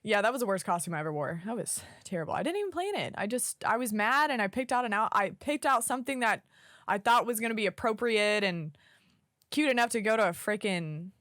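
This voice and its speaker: A young woman from Oklahoma tells a story in a dry, close-up sound, animated and casual. Her voice sits in the middle of the range, and she swears easily as she goes. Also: mid-range voice, a little fast, no room sound. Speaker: podcast co-host. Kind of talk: casual chat.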